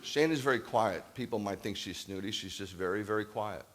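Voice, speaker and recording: An older man preaching a sermon as a rabbi, telling personal stories in an animated way that swings from loud laughing bursts to quiet reflection. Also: lowish voice, fairly quick, a little hiss or hum.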